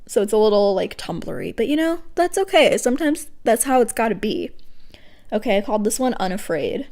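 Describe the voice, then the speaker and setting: A woman's voice: fairly high pitch, big pitch swings, brisk, darkish tone. A woman hosting her podcast, reading her own poetry aloud with awkward, self-deprecating asides. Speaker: podcast host.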